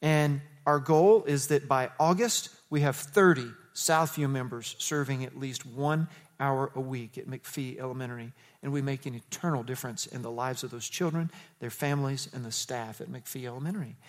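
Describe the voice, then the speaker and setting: A man preaching as the pastor of his church, telling stories with lively, animated delivery. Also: normal speed. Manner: animated storytelling, jumps to high excited quotes. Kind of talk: sermon.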